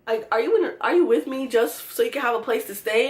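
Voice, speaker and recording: A young woman telling a storytime vlog, animated and swearing freely as she acts out what people said. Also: high voice, quick pace, few pauses, reverberant. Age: young adult. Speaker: vlogger.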